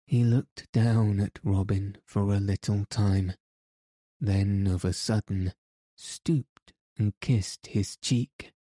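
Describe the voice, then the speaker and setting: Slow, dark-voiced male storyteller. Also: fairly low pitch, no echo. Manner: slow, measured, even reading. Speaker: audiobook narrator. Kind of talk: storybook reading of a classic tale.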